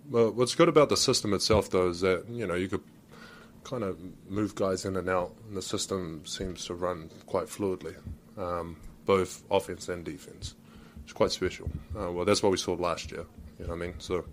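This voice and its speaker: A laid-back man with a New Zealand accent fielding questions at a media session, easygoing and a little profane. His voice sits very low. There is faint noise around him. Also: steady tone, normal speed. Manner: laid-back, swears, calls people mate. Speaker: basketball player. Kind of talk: press conference answers.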